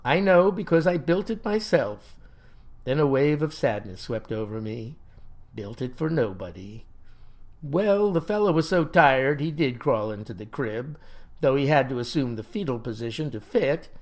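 A man telling a comic first-person story in a folksy, old-fashioned, deadpan sanctimonious manner. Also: medium pitch, moderate pace.

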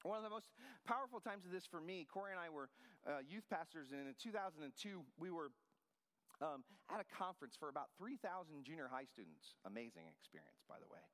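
A man's voice: a little high, animated, brisk, a bit bright, in a large hall. A man in his forties preaching a sermon, telling a personal story in a conversational style. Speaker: pastor.

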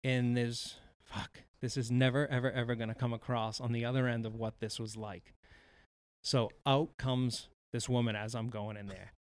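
A man co-hosting a podcast, telling a golf story in casual chat, animated and profane, acting out what people said. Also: mid-range voice, moderate pace, no room sound. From Wisconsin. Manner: animated, profane, acts out quotes. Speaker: podcast co-host.

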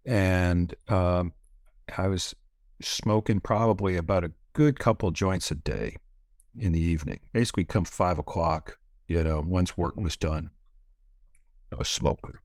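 A man's voice: sits low, measured pace, darkish tone, no echo, studio quality. A middle-aged man from Canada, candidly telling a long personal story in a casual interview, rambling with many fillers and frequent swearing. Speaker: podcast guest.

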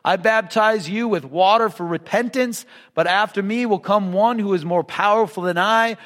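A man's voice: sits high, fairly bright tone, long reverb tail. A male pastor preaching a sermon in a church. He reads scripture and then explains it in an earnest, emphatic way. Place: church sanctuary.

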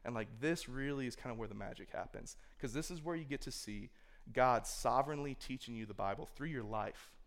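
A man's voice: mid-range voice, fairly quick, vocal fry. Man giving a chatty youth sermon. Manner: conversational, filler-heavy, acts out imagined inner thoughts. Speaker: youth speaker. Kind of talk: casual sermon to a youth group. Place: room with a live audience.

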